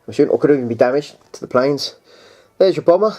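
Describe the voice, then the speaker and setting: A man's voice: mid-range voice, expressive, quick pace, a little mellow. A man chatting casually through a tabletop game unboxing. He rambles and hesitates, restarts often, and keeps addressing the viewers as guys.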